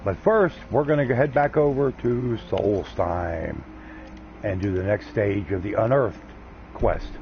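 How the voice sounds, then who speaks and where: A man's voice: lowish voice, measured pace, a little hiss or hum. A man hosting a game livestream, chatting casually and rambling in a laid-back, folksy way. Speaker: gaming livestream host. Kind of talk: casual chat while streaming a game. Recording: slightly dull lo-fi stream audio.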